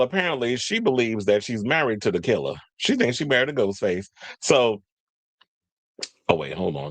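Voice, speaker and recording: Male host, low voice, loose rambling pop-culture chat, dry close sound. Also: no room sound. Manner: chatty, tangential, forgets names. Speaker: podcast host. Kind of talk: casual pop-culture commentary.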